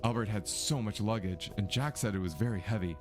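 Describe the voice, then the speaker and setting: A man's voice: fairly low pitch, fairly quick, music in the background, close to an everyday voice. A man voicing an earnest young woman amateur detective in a mystery game, reading her dialogue steadily in his own voice.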